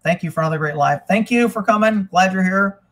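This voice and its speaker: A man hosting a casual live stream, rambling and swearing freely, getting animated when he retells a story. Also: sits high, quick pace. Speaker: livestream host. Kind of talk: casual livestream chat.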